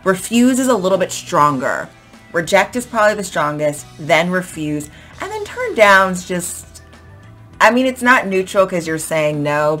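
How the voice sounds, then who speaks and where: A woman's voice: lowish voice, a bit bright. A young woman teaching English vocabulary in a casual, chatty way, acting out example sentences with plenty of "um"s. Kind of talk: casual explanatory vocabulary lesson.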